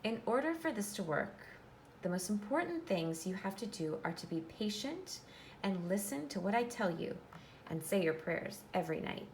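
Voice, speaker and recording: A woman voicing a patient, wise mother who speaks gently and reassuringly in a storybook. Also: mid-range voice, sing-song, moderate pace, slight background noise.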